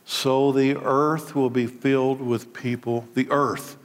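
A man's voice: mid-range voice, flat delivery, slow pace. A male pastor preaching a sermon, emphatic and full of rhetorical questions. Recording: long reverb of a large hall.

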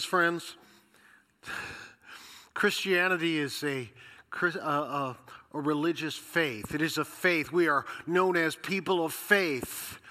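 A pastor with a bright, fairly high voice delivers a sermon in a church sanctuary, conversational and storytelling, posing rhetorical questions to the room. He's recovering from a cold, and the hall gives his voice a long reverb.

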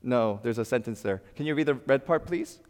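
A male pastor giving a sermon in an animated, conversational way, swinging from loud bursts to quiet asides with playful humor. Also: mid-range voice, brisk. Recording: long hall reverb.

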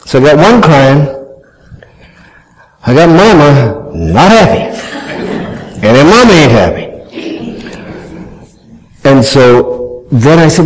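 A man's voice: a little high, sing-song, takes it slowly, pauses often, rough recording. A man telling a humorous family story to an audience, self-mocking and acting out his family's voices.

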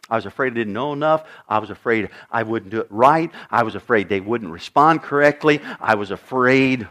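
A man preaching a sermon as pastor, swinging from quiet intensity to loud emphasis and putting questions to his congregation. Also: lowish voice. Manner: dramatic shifts in volume, acting out voices.

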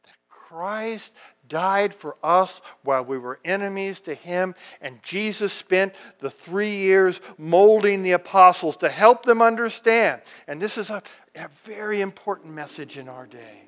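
A man preaching a sermon, animated, acting out quoted words and often restarting his phrases. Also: sits high, unhurried. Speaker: pastor.

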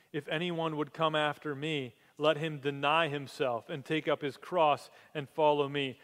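A man preaching a sermon, telling stories with animated energy that climbs to excited peaks. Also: a little high. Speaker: pastor. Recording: long hall reverb.

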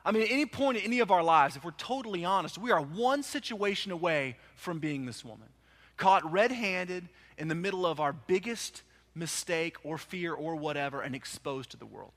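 A man preaching a sermon as pastor, impassioned, rising to loud urgent peaks and dropping to hushed quiet passages. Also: on the high side, lively intonation, moderate pace.

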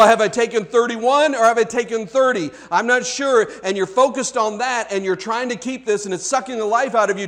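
A man preaching a sermon to his congregation, conversational, with frequent restarts, asking the listeners questions directly. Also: high voice. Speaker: pastor.

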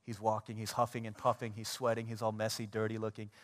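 A man preaching a sermon as a pastor, animated and conversational, acting out everyday scenes. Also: lowish voice, fast. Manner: animated, acts out everyday scenes in quoted voices. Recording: long church hall reverb.

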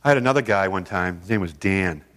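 A man telling a story to a seminar audience in a lively, animated way, acting out the people he quotes. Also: low voice, fast talker. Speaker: seminar speaker. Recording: long hall reverb.

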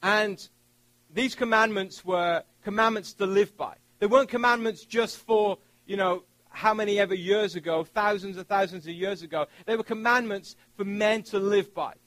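A man's voice: high-pitched, normal speed, a bit bright, dry recording, poor audio. A man preaching a sermon as pastor, telling stories from childhood and joking with his congregation.

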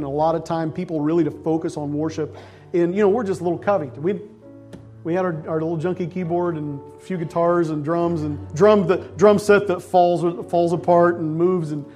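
A middle-aged male pastor telling a personal story in a sermon, acting out voices and sometimes shouting with excitement. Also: sits high. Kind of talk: sermon testimony.

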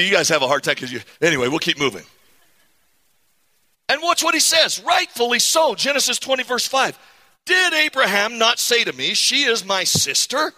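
A man preaching to his congregation, his voice high and very bright. He is animated and keeps calling out for amens. The sound rings with a long hall echo. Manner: animated, calls on the congregation to respond. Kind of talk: sermon. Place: church sanctuary.

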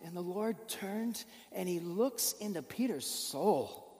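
A man's voice: sits high, expressive, slow, a little mellow, in a large hall. A man preaching a sermon, telling a story earnestly and building with emotion through rhetorical questions.

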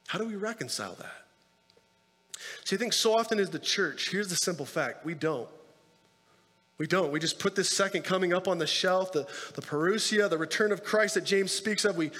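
A man's voice: high voice, a bit bright. A man preaching a sermon as pastor, conversational, with rhetorical questions and asides to the congregation. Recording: long hall reverb.

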